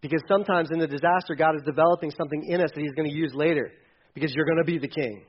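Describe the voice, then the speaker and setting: A man preaching with a high, light voice, talking to the congregation as if in casual conversation. He drops to soft asides, then swells into loud, emphatic passages. The sound is a little dull and lo-fi. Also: fairly even intonation, very fast, slightly rough. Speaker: pastor. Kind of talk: sermon.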